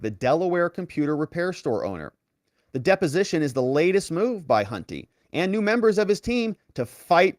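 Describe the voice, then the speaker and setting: A man's voice: a little high, no room sound, studio quality. A man hosting online political commentary, walking through documents with sarcastic, incredulous asides. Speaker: legal commentary host.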